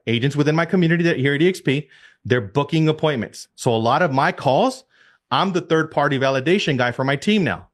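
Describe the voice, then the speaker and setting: Man, real estate team leader, video call coaching, energetic, repeats himself for emphasis, rhetorical questions, computer mic, mid-pitched voice.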